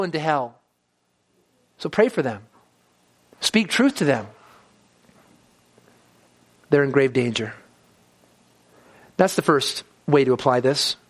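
Male pastor, high register, earnest sermon delivery in church, swells then drops low. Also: fairly bright tone. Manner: earnest preaching, building to emphatic peaks then dropping low.

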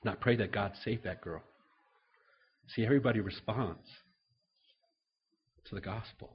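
In a sermon, a man with a husky, lowish voice tells personal stories earnestly at normal speed, repeating words and acting out conversations. The highs in the recording are cut off.

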